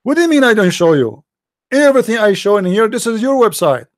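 A man's voice: sits high, big pitch swings, fast talker, no echo. A man with an Arabic accent, a non-native English speaker, giving a sarcastic, incredulous monologue as he reads from a screen. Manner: sarcastic, incredulous, mimics sneezes. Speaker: online religious commentator. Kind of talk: mocking monologue reading from a screen.

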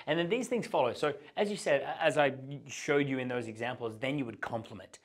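A man's voice: medium pitch, fairly quick, few pauses, breathy edge. A man teaching conversation skills as a dating coach, giving a whiteboard lesson and acting out sample lines. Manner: animated, acts out both sides of conversations.

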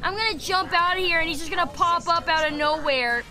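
A woman's voice: extremely high pitch, fairly quick, very noisy. A woman streaming a game, chatting playfully with her audience and slipping into silly voices. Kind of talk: casual gaming stream chat.

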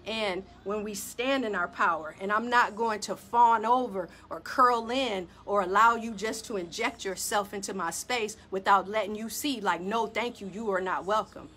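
A woman hosting a talk show, telling a personal story in an animated, emphatic way and speaking straight to her listeners. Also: mid-range voice, moderate pace, few pauses, a little hiss or hum. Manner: animated, emphatic, addresses audience directly. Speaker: podcast host.

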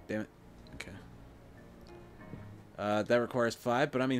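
A man's voice: medium pitch, steady tone, unhurried, pauses often, faint music behind. Frustrated young man swearing at a game. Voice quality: voice cracking. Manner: frustrated, swearing, muttering to himself. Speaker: gameplay streamer. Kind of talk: casual gameplay commentary.

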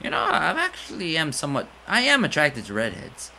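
Animated joking man narrating a game. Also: a little high, fairly quick, vocal fry. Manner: rambling, jokey asides. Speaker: let's player. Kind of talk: casual video game commentary.

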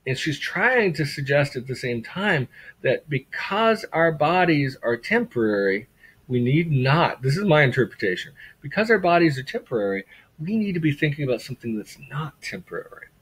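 Husky-voiced man giving a lecture. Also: a little high, big pitch swings, normal speed, a bit bright, poor audio. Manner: conversational, repeats words for emphasis, rhetorical questions. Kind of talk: classroom lecture on a graphic novel.

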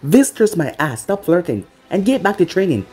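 The narrator voicing a fierce, coarse mother and clan head who yells orders at her son. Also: mid-range voice, big pitch swings, brisk, slightly rough, soft background music. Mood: shouting angrily. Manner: yelling, coarse, bossy.

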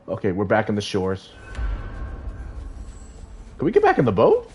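A man streaming a game live, commenting excitedly and rambling, with some swearing. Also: on the low side, normal speed, long pauses, faint music behind.

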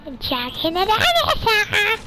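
A woman voicing a goofy, menacing dinosaur in a shrill, giggly, drawn-out way. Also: wildly swooping pitch, heavy background noise, heavily acted. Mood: goofy menace.

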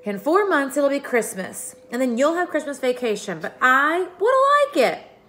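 A woman voicing a bold, cheeky young girl who talks loud and bossy, in a storybook read-aloud. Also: a little high, animated, normal speed, a little hiss or hum, voice pushed up. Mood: indignant.

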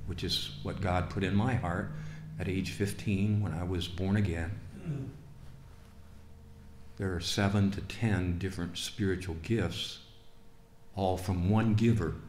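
A male pastor preaching a sermon in a church, moving from quiet asides to fervent, rising preaching. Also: low-pitched, a little hiss or hum. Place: church sanctuary. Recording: roomy church reverb.

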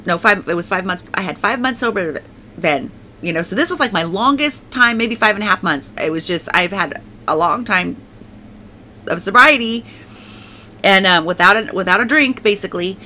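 Middle-aged woman sharing her faith testimony, bright voice, rambly and emotional, tons of you knows. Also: mid-range voice, expressive, moderate pace, a little hiss or hum. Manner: rambling, emotional, many restarts and fillers. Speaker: testimony speaker.

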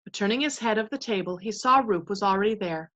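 Bright-voiced woman reading a story aloud. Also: mid-range voice, fast. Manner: adds casual asides. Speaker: narrator. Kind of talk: reading a children's novel aloud.

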